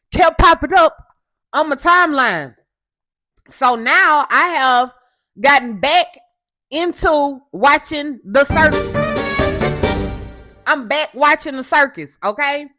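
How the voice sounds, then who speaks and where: Woman host, coarse and assertive, talks loud in a dry booth. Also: high-pitched, no echo. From Houston, Texas. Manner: loud, assertive, keeps asking "okay?". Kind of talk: casual commentary monologue.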